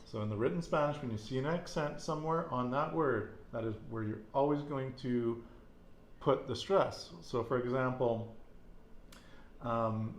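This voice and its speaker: A man's voice: mid-range voice, moderate pace. Patient man teaching Spanish in an echoey room. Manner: patient, repeats words and asks questions. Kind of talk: casual language lesson.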